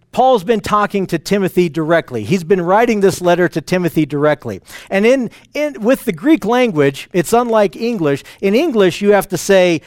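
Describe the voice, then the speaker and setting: A man's voice: high voice, dry recording, studio quality. A man teaching a Bible passage in an earnest, enthusiastic way, often restarting his sentences.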